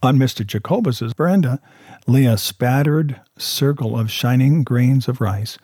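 Guy reading a story out loud, husky and mellow, dry close sound. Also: mid-range voice, measured pace, no room sound. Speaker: audiobook reader. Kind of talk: scripted narration.

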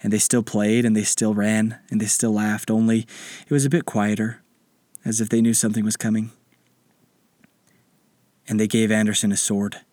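A man narrating a children's bedtime story in a gentle, unhurried way. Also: lowish voice, level tone, no echo.

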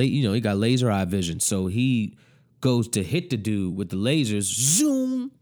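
Low-voiced young man recapping a show. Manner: animated storytelling, profane slang.

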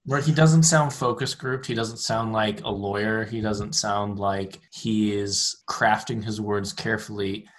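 A man's voice: on the low side, steady tone, unhurried, few pauses. A man co-hosting a podcast who chats casually about politics and mostly chimes in with easygoing agreement and jokes. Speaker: podcast co-host.

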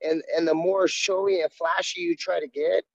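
A man's voice: a little high, little pitch movement, moderate pace, creaky, no echo. A man, a jiu-jitsu coach, talking candidly and earnestly in a casual interview, often restarting his sentences. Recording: dull, dry sound.

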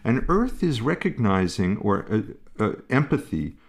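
A man explaining parenting ideas in a calm, musing way, pausing and restarting as he thinks. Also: fairly low pitch, vocal fry. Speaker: parenting expert guest. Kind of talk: conversational explanation.

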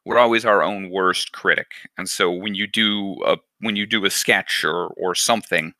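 A man's voice: low voice, steady tone, moderate pace, pushed and bright, no room sound. A man hosting a casual chat, talking in a reflective, encouraging way. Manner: reflective, encouraging, thinks aloud.

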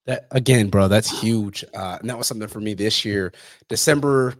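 A man's voice: fairly low pitch, moderate pace, no room sound, clean studio sound. A man hosting a podcast in casual chat, blunt, swearing freely and saying "bro" and "dude". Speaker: podcast host.

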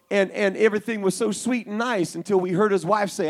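A man preaching a Pentecostal sermon to young people, telling a story and building to shouted fervor. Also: sits high, animated, fairly quick, some chatter behind.

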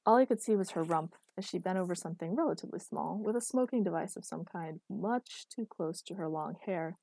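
A woman narrating a story in an even, measured reading voice. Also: fairly low pitch, gravelly, dry recording.

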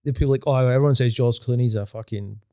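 A man's voice: medium pitch, fast, dark tone, clear, resonant tone, no room sound, clean studio sound. A middle-aged man with a Glaswegian accent, telling stories in a rambling way, full of restarts and swearing. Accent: Glaswegian Scottish. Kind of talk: casual podcast chat.

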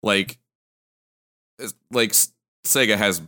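A man's voice: on the low side, slow pace, bright, forceful tone. A man co-hosting a casual podcast chat, laughing often and joking about games. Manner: laughs often, jokey, quotes game lines. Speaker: podcast co-host.

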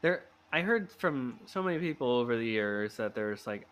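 A man hosting a casual fan podcast, animated, laughing often and restarting his sentences. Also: mid-range voice, moderate pace. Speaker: podcast host.

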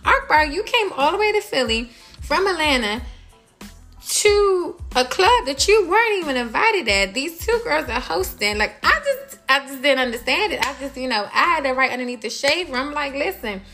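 A young woman riffing on celebrity gossip, her voice bright and forceful, slightly high for a woman. She talks in an animated, exasperated way, swearing freely and circling back on her own lines, with faint music underneath. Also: moderate pace. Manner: animated, exasperated, profane and repetitive. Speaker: host. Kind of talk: casual celebrity gossip commentary.

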